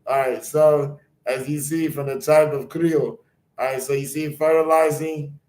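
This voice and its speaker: Guy doing a spiritual card reading, kinda high voice, rambly preachy blessings, roomy echo. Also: little pitch movement, moderate pace, a little mellow. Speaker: spiritual channel host.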